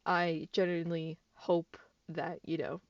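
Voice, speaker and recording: A young woman talking casually on her gaming vlog, rambling with fillers and swearing as she turns loud and incredulous. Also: deep voice, level tone, measured pace, no echo, far from the mic, highs cut off. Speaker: gaming YouTuber.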